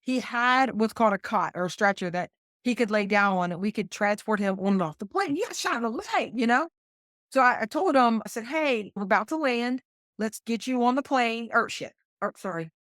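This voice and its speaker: A middle-aged woman with a West Virginia accent, a combat flight nurse telling a story as a podcast guest, animated and acting out what others said. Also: on the high side, a little fast, no room sound, studio quality. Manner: animated, quotes others in lively voices. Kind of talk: conversational storytelling.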